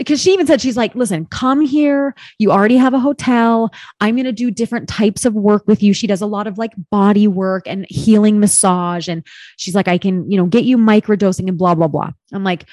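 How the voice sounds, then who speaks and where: A woman of middle pitch telling a story in a loose, candid way, peppered with "like" and the odd swear word. Her voice is recorded close and dry, with no room sound around it. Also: dry recording. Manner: candid and expressive, swears, heavy use of "like". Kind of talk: casual storytelling chat.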